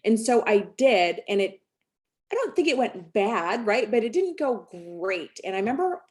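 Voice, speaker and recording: A woman's voice: medium pitch, very animated, moderate pace, darkish tone. Chatty woman telling a team story. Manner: chatty, rambling, many fillers and restarts. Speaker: sales team director. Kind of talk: casual storytelling on a team call.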